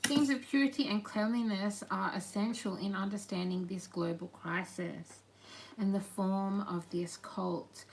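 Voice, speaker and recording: A woman speaking channeled messages in a halting, meandering way, with murmured asides. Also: medium pitch, fairly even intonation, slight background noise, rough recording.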